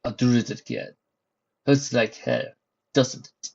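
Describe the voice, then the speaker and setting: A man's voice: steady tone, slow, vocal fry, a little mellow. A man doing a cold, murmuring evil reflection. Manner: low and murmured. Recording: dull lo-fi recording.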